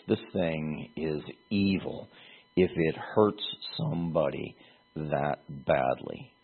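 Slow, husky-voiced male preacher, tinny sound. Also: sits low. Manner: earnest, halting, repeats words for emphasis. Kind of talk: sermon.

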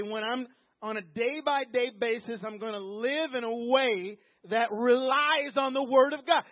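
A man's voice: extremely high pitch, no echo. A man preaching an emphatic, repetitive sermon, often acting out quoted voices. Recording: tinny phone-like line, dry.

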